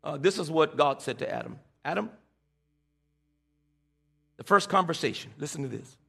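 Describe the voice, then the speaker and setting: A male pastor preaching with a high, bright voice that swings widely in pitch. He leads call-and-response, repeats lines, and stumbles over restarts as he builds. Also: creaky. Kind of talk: sermon.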